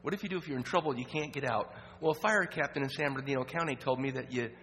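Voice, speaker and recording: A man tells a personal story as a sermon to a church audience. He speaks earnestly, trips over words and restarts, and drops his voice low at the heavy parts. The sound carries a long hall reverb over a faint steady hum. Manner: earnest, halting with restarts, drops to a hush at sad moments. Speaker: guest speaker at a church evening program.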